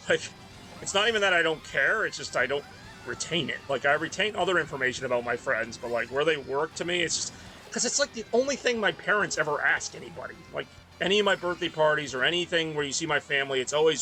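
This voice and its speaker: Young male streamer, rambling chatter over gameplay, raised pitch, bright tense tone. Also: quick pace, faint music behind. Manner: rambling, chatty, reads chat aloud. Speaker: game streamer. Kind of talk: casual rambling chat while gaming.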